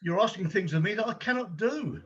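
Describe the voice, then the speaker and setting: A man's voice: sits high, expressive, a little fast, fairly bright tone, husky, dull audio, full character voice. A man playing an anxious, kind-hearted volunteer gallery guide who hesitates and stumbles over his words, in an amateur stage drama.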